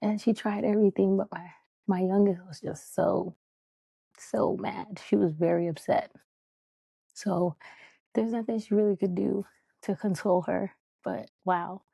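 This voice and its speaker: A woman's voice: mid-range voice, fairly even intonation, unhurried, gravelly, pauses often, warm tone, breathy edge, no echo. A woman hosting a podcast, talking in a candid, heartfelt, rambling way with lots of fillers. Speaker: podcast host. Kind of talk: casual podcast monologue.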